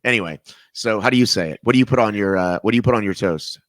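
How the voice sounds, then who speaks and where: A man hosts a relaxed chat, joking and wandering off on tangents. His voice sits fairly low, and the sound is dry and close. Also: fast, no room sound. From American South. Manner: rambling, jokey, goes off on tangents. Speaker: podcast host. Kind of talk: casual video-call interview.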